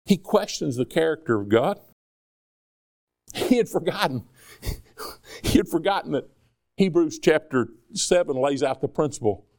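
A man's voice: fairly high pitch, expressive, unhurried, long pauses, darkish tone. A man preaching a sermon in a conversational way, acting out dialogue between people and God. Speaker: pastor.

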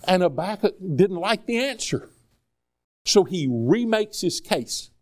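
A man's voice: high-pitched, big pitch swings, takes it slowly, darkish tone. A man preaching a sermon in a conversational way, acting out dialogue between people and God. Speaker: pastor.

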